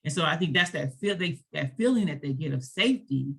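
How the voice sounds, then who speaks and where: A woman's voice: deep voice, animated, a little fast, gravelly, fairly bright tone, husky. A woman educator speaking on a panel in a conversational way, with frequent fillers and laughs between her thoughts. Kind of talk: panel discussion.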